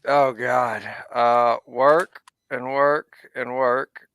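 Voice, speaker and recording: A man's voice: medium pitch, little pitch movement, very slow, a bit bright, smooth. Guy from georgia, laid back, just chatting plain. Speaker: guest. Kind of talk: casual chat.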